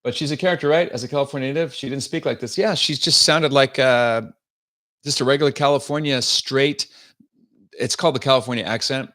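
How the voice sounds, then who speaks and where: A man's voice: mid-range voice, fairly even intonation, brisk, fairly bright tone. A male host giving sarcastic, opinionated political commentary on a livestream and reading out viewer comments. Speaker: show host.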